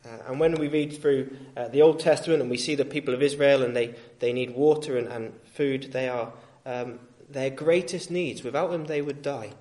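A male street preacher giving a sermon in a gentle, reasoning tone, with frequent fillers and restarts. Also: mid-range voice, steady tone, moderate pace, few pauses.

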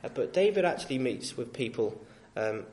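A male street preacher giving a sermon in a gentle, reasoning tone, with frequent fillers and restarts. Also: medium pitch, sing-song, moderate pace.

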